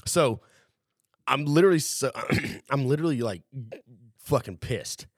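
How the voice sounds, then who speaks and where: A man's voice: medium pitch, lively intonation, measured pace, no room sound, studio quality. A young man telling a long, profane story in a rambling way among friends on a casual podcast. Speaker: podcast host.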